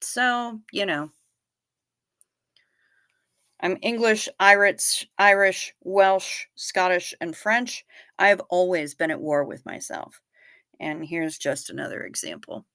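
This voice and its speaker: A woman hosts a relaxed livestream, reading chat aloud and firing back blunt, salty replies. Her voice is bright and punchy. The sound is dry and close, with no room echo. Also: lowish voice. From United States. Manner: blunt, salty, quick to tease. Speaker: livestream host.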